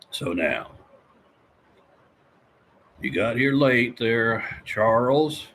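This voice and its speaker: A man's voice: sits low, a bit bright, exaggerated voice. A man playing a rambling folksy handyman. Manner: rambling, homespun, frequent throat-clearing. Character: folksy rambling middle-aged handyman, homespun and chatty. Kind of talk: live-stream character chat reading viewer comments.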